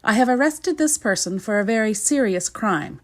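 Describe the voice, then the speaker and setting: A woman reading a storybook puts on a glum, stiff-backed guard who speaks with grave formality. The voice swings widely in pitch. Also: lively intonation, moderate pace, natural voice. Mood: gloomy. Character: gloomy, stern male castle soldier.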